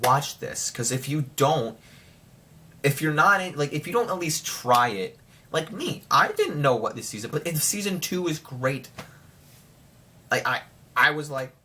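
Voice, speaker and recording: A young man rambling excitedly through a casual spoiler review of a TV show. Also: fairly high pitch, unhurried, a little hiss or hum.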